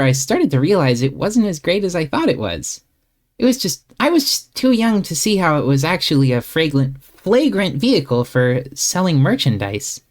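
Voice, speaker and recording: A woman voicing a cheerful, easygoing teenage girl who teases with upbeat disbelief. Her pitch leaps up and down a great deal. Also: exaggerated voice. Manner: upbeat, teasing and incredulous. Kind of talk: fan voice-acted comic reading.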